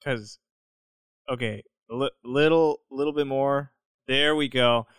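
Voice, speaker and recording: A man's voice: mid-range voice, steady tone, a little slow, a bit bright, smooth, no room sound. A young man on a remote call, telling a party story casually, laughing often and swearing freely.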